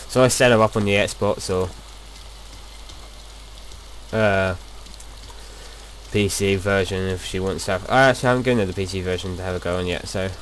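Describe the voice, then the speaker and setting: A man's voice: low-pitched, moderate pace, pauses often, slight background noise. A young man casually talking through his gameplay as a video host, rambling and chatty, often restarting his sentences.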